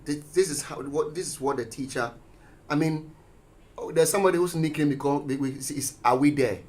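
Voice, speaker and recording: A man's voice: fairly high pitch, a little fast. A man, a teacher and guest, talking on a radio show and telling school stories with quoted voices. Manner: animated storyteller, acts out quotes. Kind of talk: radio discussion. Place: radio studio.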